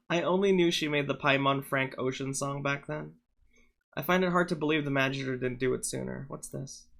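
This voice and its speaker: A man's voice: mid-range voice, normal speed, vocal fry, fairly bright tone. A man streaming live, chatting casually and irreverently while reacting to clips on a studio microphone. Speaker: livestreamer.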